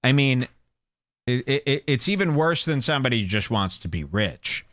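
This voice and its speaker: A man's voice: medium pitch, big pitch swings, normal speed, a bit bright. A man hosting a comedy podcast, riffing and mocking with big swings. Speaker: podcast host.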